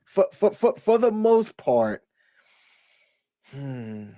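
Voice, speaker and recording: A man's voice: high voice, sing-song, very slow, mellow, no echo, studio quality. Laid-back slangy man. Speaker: co-host. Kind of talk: casual reaction chat.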